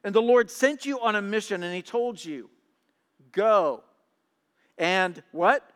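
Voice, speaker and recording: A man preaching a sermon, reading scripture and explaining it, swinging from hushed trailing lines to loud emphatic reading, sometimes stammering on repeated words. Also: sits high, fairly quick, clear, resonant tone, long reverb tail.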